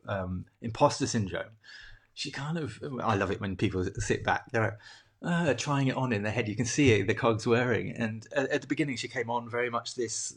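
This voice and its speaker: Halting, husky low-voiced man. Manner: halting, many restarts and fillers, warm earnest tone. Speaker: coach hosting a mindset program. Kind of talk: reflective solo talk.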